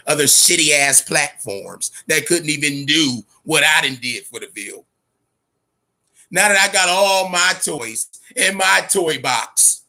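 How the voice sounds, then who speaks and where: A man's voice: fairly high pitch, pushed and bright. A man hosting a boxing show, talking casually and profanely, amped up and fidgety, repeating himself often. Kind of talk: casual livestream talk.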